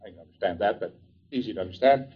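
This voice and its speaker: A man voicing a hesitant adult male client in a counseling session, with mumbled, halting replies on a dull, lo-fi old tape recording. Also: mid-range voice, animated, voice pushed down, lightly acted. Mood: agreeable.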